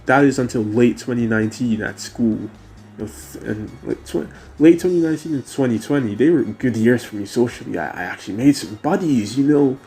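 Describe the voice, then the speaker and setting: A man's voice: medium pitch, brisk, dark tone, faint music behind. A young man with a mixed British and American accent, talking casually about his life in a rambling way with many fillers and restarts. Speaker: vlogger. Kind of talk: casual personal talk.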